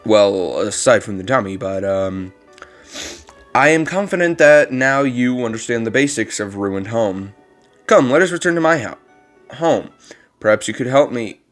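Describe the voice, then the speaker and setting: A man doing a kindly old monster caretaker who speaks in a formal, gentle way and tends to ramble on. The put-on voice sounds a little strained and sits at an ordinary middle pitch for a man. Faint game music plays underneath. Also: animated, unhurried, natural voice. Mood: wistful. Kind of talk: reading game dialogue aloud.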